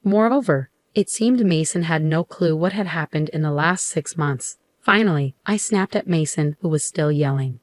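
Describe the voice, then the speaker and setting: A woman narrating a first-person story in an even, measured way. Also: deep voice, dry recording.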